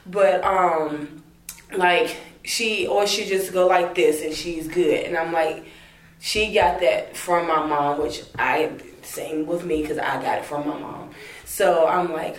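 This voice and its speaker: A young woman with a lowish voice tells family stories in a casual interview. She laughs often and jumps higher when she acts out what others said. The room around her echoes. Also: measured pace. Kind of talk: casual storytelling.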